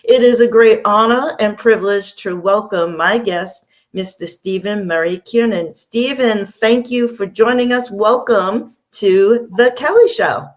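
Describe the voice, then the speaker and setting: A woman hosting a talk show, smoothly reading a formal guest introduction and leading the interview. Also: mid-range voice, unhurried, hardly any pauses. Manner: polished, reads introductions smoothly.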